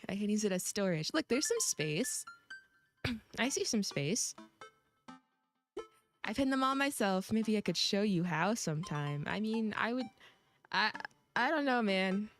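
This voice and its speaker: A woman's voice: medium pitch, big pitch swings, a little slow, pauses often, fairly bright tone. Young woman streamer rambling and giggling, mid voice, little music in the back. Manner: giggly, rambling, self-teasing. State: coughing. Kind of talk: casual let's-play chat. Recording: faint music behind.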